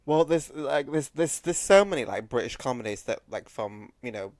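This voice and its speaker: A young man co-hosting a podcast, chatting casually in a halting, rambling way that keeps restarting. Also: medium pitch, expressive, darkish tone, no room sound. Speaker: podcast co-host. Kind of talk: casual chat.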